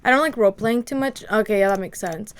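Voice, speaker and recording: A woman's voice: mid-range voice, fast, smooth. A woman streaming from her room at home, chatting casually to her viewers in a rambling way full of "like" fillers. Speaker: livestreamer. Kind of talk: casual livestream chat.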